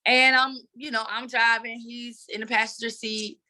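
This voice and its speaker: A woman guest telling a candid personal story in an earnest, animated way. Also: fairly high pitch, moderate pace. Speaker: guest advocate.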